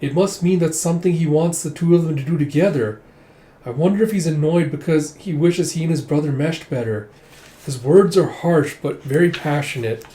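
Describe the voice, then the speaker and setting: A man voicing a timid, earnest young woman who speaks softly and politely in a roomy recording. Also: sits low, normal speed, natural voice. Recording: roomy echo.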